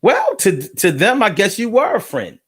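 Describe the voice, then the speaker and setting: A man chatting casually on a live stream, telling stories in an animated, slangy way, repeating his phrases and reading out viewer comments. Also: high voice, normal speed, slightly rough.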